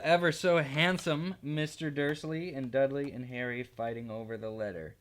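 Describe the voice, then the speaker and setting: A man, an art teacher, reading a children's storybook aloud in an expressive, playful way. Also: mid-range voice, normal speed, few pauses.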